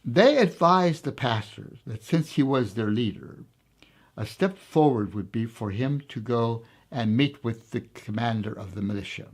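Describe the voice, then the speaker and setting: A man being interviewed, telling a story in a reflective, hesitant way with many pauses and fillers. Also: mid-range voice, lively intonation.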